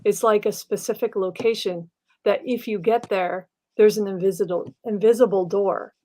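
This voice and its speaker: A woman's voice: medium pitch, fairly even intonation, moderate pace, dark tone. A woman speaks on a casual panel chat. Her mid-range voice is chatty as she explains her idea.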